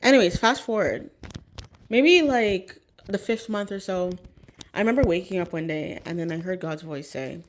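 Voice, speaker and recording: A woman's voice: on the low side, lively intonation, normal speed, slight background noise. A woman telling a personal story in a casual, rambling way, with many fillers and restarts. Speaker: vlogger.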